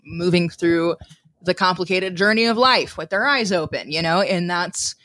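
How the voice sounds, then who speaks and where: Missouri woman co-host, wry deadpan quips, careful hedging, dry close sound. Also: fairly low pitch, moderate pace, no room sound. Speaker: podcast co-host. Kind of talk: casual podcast chat.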